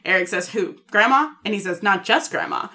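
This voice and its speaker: A woman co-hosting a podcast, recapping scenes in lively storytelling and acting out the quoted lines. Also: on the low side, fairly quick. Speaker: podcast co-host.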